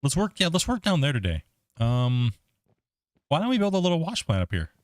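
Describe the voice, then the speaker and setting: A man's voice: on the high side, huge pitch swings, a little fast, no room sound, studio quality. A man hosting a gaming livestream, rambling casually and chuckling as he talks to his chat.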